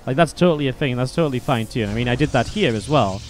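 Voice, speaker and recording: A StarCraft caster and streamer talks fast with lively intonation in a medium-pitched voice, a little hiss or hum audible. At his desk mic he rambles through casual chat and game commentary, swearing freely and using plenty of fillers.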